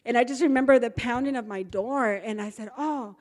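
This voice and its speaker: Speaking at an AA gathering, a middle-aged woman from Texas tells her recovery story candidly, playing out the conversations and often laughing. Her voice is on the high side and a little fast, and the large hall sounds reverberant.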